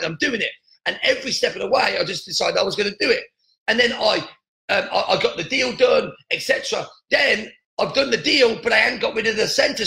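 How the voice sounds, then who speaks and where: High, bright-voiced man with a gravelly edge. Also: roomy sound, poor audio. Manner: earnest, repetitive, many restarts. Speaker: podcast host. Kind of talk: motivational podcast monologue.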